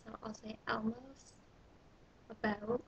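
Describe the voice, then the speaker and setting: A young Canadian woman from Ontario with a fairly high voice, talking slowly and keeping her pitch flat. She reads prompts aloud from a small bathroom and answers them offhandedly, with a little faint hiss behind her. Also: gravelly, dull audio. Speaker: vlogger. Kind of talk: casual vlog reading a questionnaire.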